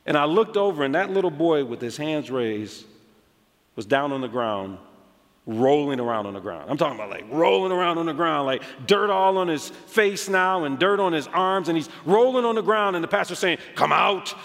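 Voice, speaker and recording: An American pastor preaches in a church auditorium, his voice sitting a bit higher than most men's. He tells stories in a lively, conversational way and keeps dropping in "like" as he goes. The sound trails off into a long hall reverb. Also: moderate pace. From United States. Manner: animated storytelling with frequent "like" asides. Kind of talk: sermon.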